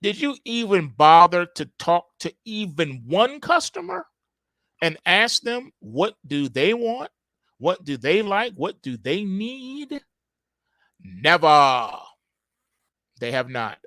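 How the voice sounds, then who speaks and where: A man's voice: high voice, sing-song, slow, pushed and bright, no room sound. A man hosting a market report, delivering opinionated commentary with sarcastic, emphatic rhetorical questions.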